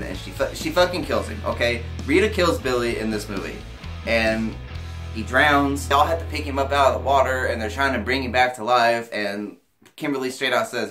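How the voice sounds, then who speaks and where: A young man giving a casual movie review vlog, emotional and excitable, swearing freely as his pitch leaps when he gets worked up. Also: normal speed, soft background music.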